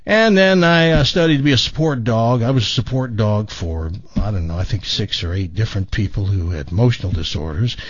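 A man's voice: lowish voice, fairly quick, few pauses, no echo, close to an everyday voice. A man voicing a boastful older male talking German Shepherd who rambles matter-of-factly about his career. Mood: bragging. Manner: matter-of-fact, rambling storyteller brag. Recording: dull dry studio sound.

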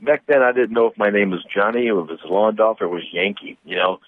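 A man's voice: lowish voice, fast. Man in his 60s on a tinny phone line. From St. Louis, Missouri. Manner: storytelling, laughs often. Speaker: car dealer, guest. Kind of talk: casual radio chat.

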